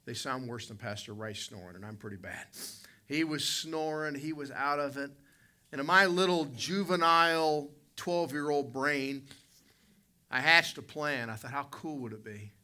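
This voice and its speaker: Delivering a sermon, a pastor with a medium-pitched voice tells a story animatedly, breaking into sudden loud bursts.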